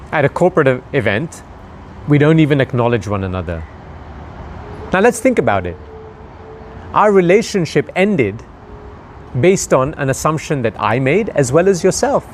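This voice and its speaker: A man's voice: fairly high pitch, a little mellow, slight background noise. A man giving a motivational talk, conversational and full of rhetorical questions to the listener. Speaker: motivational speaker.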